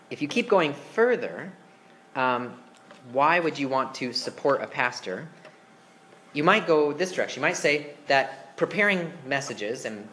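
A man's voice: mid-range voice, fairly bright tone, slight background noise. A man preaching a sermon as pastor, conversational and asking the congregation questions. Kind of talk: interactive sermon. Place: church.

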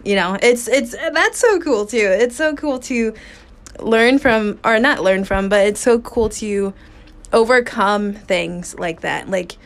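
A woman with a mid-range voice speaks slowly while hosting a podcast, recorded on a phone in a small booth. She tells a personal story candidly and rawly, with casual swearing and plenty of fillers.

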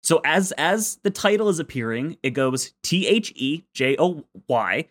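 A man co-hosting a casual podcast chat, ranting in an animated way with plenty of swearing. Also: on the high side, a little slow. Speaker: podcast co-host.

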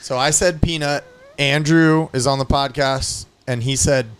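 A man hosting a podcast in loose, profane banter with his friends, quick to get excited. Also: medium pitch, smooth. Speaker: podcast host.

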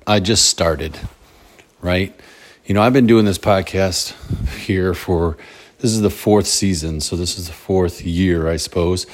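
A man's voice: low voice, fairly even intonation, unhurried. A middle-aged man talking alone on his podcast in a casual, upbeat, motivational way, rambling and restarting his sentences as he goes. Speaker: podcast host. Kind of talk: casual solo podcast monologue.

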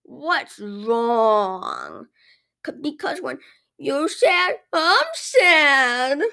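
A man voicing an overly cheerful male fast-food worker, gushing in a high, slow sing-song. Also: huge pitch swings, gravelly, bright, forceful tone, heavily acted.

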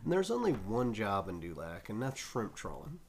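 A man's voice: on the low side, wildly swooping pitch, normal speed. A man casually telling a long, profane anecdote, often laughing as he talks. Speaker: storyteller on a talk show.

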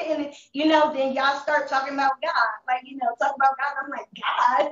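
A young woman with a high voice tells her story candidly in street slang, stopping and restarting as she holds back tears. She sounds a little far from the mic, in a roomy space with a dull sound. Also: fairly even intonation, fairly quick, hardly any pauses, a bit bright. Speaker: interview guest. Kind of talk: emotional personal testimony.

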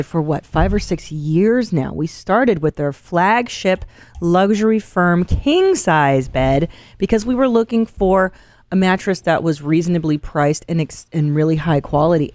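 A woman's voice: lowish voice, expressive, normal speed, a little mellow, no room sound. A woman co-hosting a comedy podcast, reading a sponsor ad in an enthusiastic, chatty way. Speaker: podcast co-host reading ads. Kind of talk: casual ad read.

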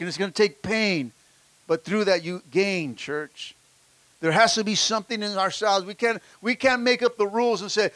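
A man's voice: high voice, moderate pace, a bit bright, no room sound. A man preaching a sermon as pastor, fervent and calling out to the congregation, often repeating words as he restarts his lines. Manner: fervent preaching with call-and-response.

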